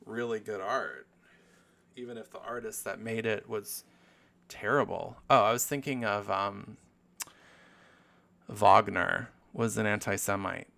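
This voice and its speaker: Rambling, sweary podcast guy with a gravelly voice. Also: on the low side, fairly even intonation, measured pace, long pauses, pushed and bright. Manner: rambling, sweary, self-mocking. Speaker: podcast host. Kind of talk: casual solo podcast monologue. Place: living room.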